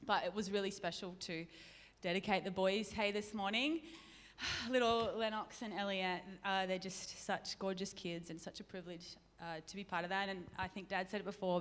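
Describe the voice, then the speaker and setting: A bright, forceful woman giving a sermon in a chatty, self-deprecating way, laughing often. Her voice sits a little high and carries a long reverb from the church hall. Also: slight background noise. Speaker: preacher.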